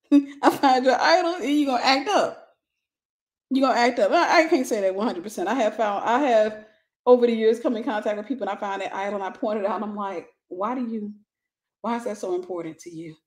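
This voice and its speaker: A middle-aged woman giving a lively, conversational sermon, acting out little scenes and laughing as she teaches. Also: fairly high pitch, fast talker. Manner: animated, acts out gossip with voices, laughs. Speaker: Christian teacher.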